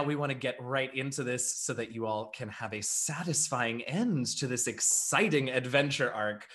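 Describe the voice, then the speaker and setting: A man's voice: fairly high pitch, fairly bright tone. A man hosting as storyteller and game master, introducing his players with effusive, playful thanks. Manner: effusive, grateful, playful banter. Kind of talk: warm show introduction.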